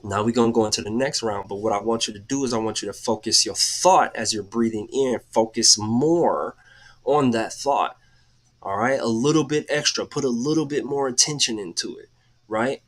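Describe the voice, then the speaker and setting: Man of average pitch hosting a live mindset talk, casual and repetitive, slows right down to lead breathing. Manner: casual, repeats "okay" and "all right" often; slow, calm guided breathing cues. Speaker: motivational host.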